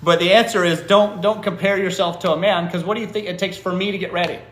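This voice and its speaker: A fast-talking man with a high, somewhat bright voice and fairly even intonation hosts a live stream in an echoey indoor room. Answering viewer comments, he's blunt and teasing, curses without restraint, and often lets out an incredulous "what?"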